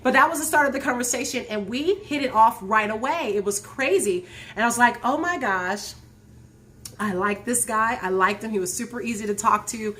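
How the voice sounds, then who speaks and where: A woman in her forties hosts a live show and tells a personal story in a casual, animated way. She talks straight to her viewers and laughs often. Her voice sits a little high and sounds bright and forceful. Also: fairly quick. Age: 40s. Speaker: host of a live talk show.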